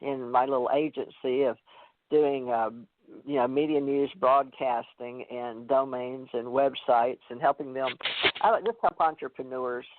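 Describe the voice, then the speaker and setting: A man's voice: mid-range voice, fairly even intonation, unhurried. A man hosting a call-in radio show, talking in a rambling way with many fillers and restarts. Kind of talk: casual call-in chat. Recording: tinny phone line.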